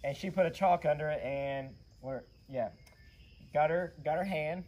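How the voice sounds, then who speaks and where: Hoarse male vlog host, slightly high, animated rambling delivery. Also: normal speed. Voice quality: raspy. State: hoarse from yelling. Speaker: channel host, custom car builder. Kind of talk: casual vlog storytelling.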